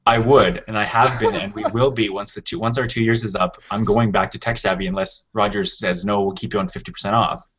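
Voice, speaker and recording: A man's voice: lowish voice, steady tone, fairly quick, hardly any pauses, a bit bright, breathy edge. A man co-hosting a tech podcast, explaining at length in casual chat with frequent restarts. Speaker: podcast co-host. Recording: dull, lo-fi podcast audio.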